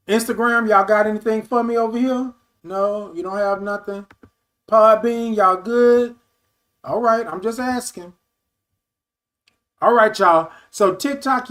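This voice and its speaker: Affectionate and animated, a man in his fifties hosts a casual livestream talk show, reading viewers' comments out and responding to them. His voice sits high, and he calls his audience "baby" and "y'all."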